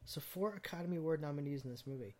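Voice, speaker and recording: A man's voice: on the high side, racing, a little mellow, slight background noise. A man hosting a podcast, chatting casually about a film and piling on cast trivia with plenty of ums. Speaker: podcast host. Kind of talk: casual movie chat.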